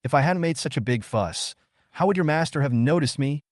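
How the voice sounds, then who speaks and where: A man voicing a calm, self-assured young man in a comic story. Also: a little high, fairly quick, no echo, clean studio sound, voice pushed up, close to an everyday voice.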